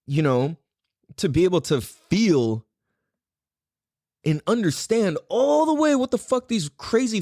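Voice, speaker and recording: A male podcast host who rants in a loose, rambling way and swears constantly. His pitch sits a little high and swings widely as he talks, and the sound is close and dry with no room around it. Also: dry recording. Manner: profane, animated, rambling. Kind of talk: casual podcast rant.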